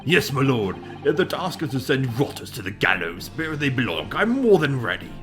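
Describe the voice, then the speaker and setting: A man's voice: high voice, lively intonation, normal speed, music in the background, voice pushed up. A man voicing a prim, self-righteous male servant serving as a juror. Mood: eager.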